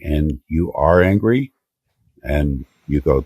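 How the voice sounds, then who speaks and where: An older man with a very deep, husky voice speaks slowly as a therapist explaining child development. His tone is measured and emphatic, and he is recorded close to the mic in a dry studio. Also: mellow, no room sound. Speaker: therapist guest. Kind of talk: explanatory interview talk.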